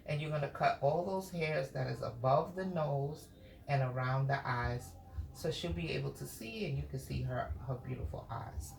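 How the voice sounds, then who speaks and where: A woman's voice: rumbling low, moderate pace, gravelly, crowd noise. A woman chatting casually while grooming her dog, coaxing and fussing at her and explaining each step. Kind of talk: casual grooming commentary and instructions. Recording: echoey room with music.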